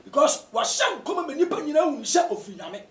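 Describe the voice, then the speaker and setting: A man with a Ghanaian accent, a pastor answering interview questions in a preaching style, often rising to shouts for emphasis. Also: very high voice, fast. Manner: animated, bursts into shouts to stress points. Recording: roomy echo, distant from mic.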